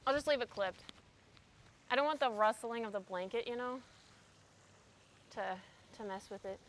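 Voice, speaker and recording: Her voice sits on the high side at a normal speed as she streams live from a breezy pondside park. Doing yoga in front of a phone camera, the young woman chats and reads her chat's messages aloud.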